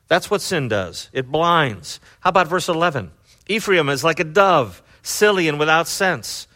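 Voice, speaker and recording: A middle-aged male pastor giving a conversational sermon, loose and chatty with lots of fillers, swinging from low asides to loud excited bursts.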